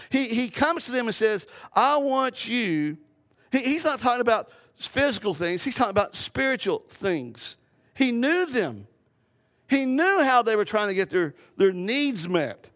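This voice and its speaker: A man with a high voice delivers a sermon from the pulpit. He drives his points home with emphatic repetition, stacking phrase on phrase and restarting as he goes. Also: a bit bright. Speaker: pastor.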